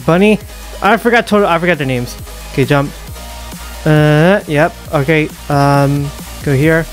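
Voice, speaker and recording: A young man commentating a horror game as he plays, muttering, whispering and panicking with rapid repeats. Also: fairly high pitch. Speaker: gaming YouTuber. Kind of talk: live gameplay commentary.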